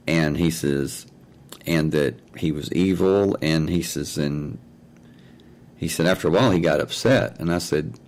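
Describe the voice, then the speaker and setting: The host of an online talk show, recording with his own mic and mixer at home, tells a rambling story, repeating "I said" and "he says" over and over. His bass voice is steady, measured, and a little mellow, though the audio is poor.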